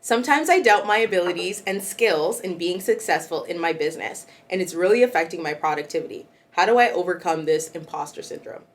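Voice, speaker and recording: A woman's voice: on the low side, expressive, fairly quick, few pauses. Playful woman podcast co-host. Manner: playful, laughs often, encouraging interjections. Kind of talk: casual podcast banter.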